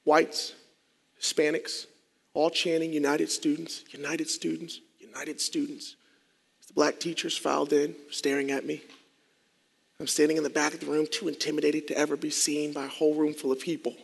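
High-voiced man telling a story, hall reverb. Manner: animated, swinging between loud excitement and hushed low tones. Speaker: storytelling speaker. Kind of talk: personal storytelling talk. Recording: long reverb of a large hall.

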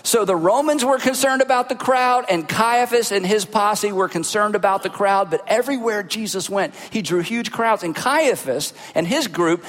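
Man, pastor, sermon, animated preaching, high voice, long reverb from a large hall. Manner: animated preaching with rhetorical questions.

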